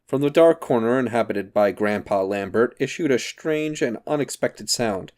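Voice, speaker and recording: A man narrating a comic novel in a measured, even reading. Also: medium pitch. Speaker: audiobook reader. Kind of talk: scripted narration.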